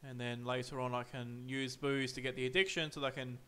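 A man streaming a game, thinking aloud in relaxed, chatty commentary with fillers. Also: mid-range voice, brisk, smooth. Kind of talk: casual gameplay commentary.

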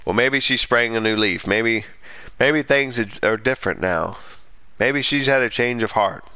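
Bright-voiced male streamer, profane. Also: mid-range voice, unhurried, smooth. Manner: swears a lot, erupts into loud indignant rants, then mutters. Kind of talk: casual live gaming commentary.

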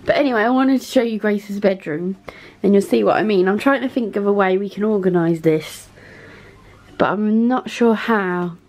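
A woman's voice: medium pitch, moderate pace, a little mellow. A woman, chatting casually to camera while doing chores around her family home. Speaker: vlogger, mother of four. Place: family house, indoors.

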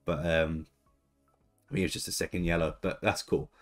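This young man, a gaming YouTuber, talks fairly quickly in a deep voice with fairly even intonation, faint music playing behind him. He casually comments on his football management game, reacting to every move as it happens.

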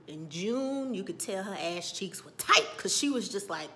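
A woman giving a casual, animated TV episode recap, chatty and sassy as she acts out scenes. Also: medium pitch, normal speed, few pauses, a little hiss or hum. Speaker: TV recap vlogger.

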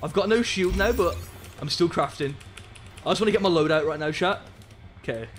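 A young English man live-streaming a video game, excitable and loud, swearing and chatting to his viewers. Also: high-pitched, fairly quick, a little hiss or hum. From England. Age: young adult. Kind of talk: live gaming commentary. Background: game music.

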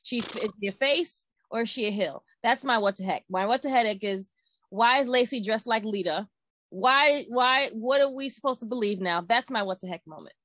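Female co-host, casual chat, slightly high voice, dry recording. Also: normal speed, pushed and bright, no echo. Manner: chatty, full of "like" fillers, confused and emphatic. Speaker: wrestling show co-host.

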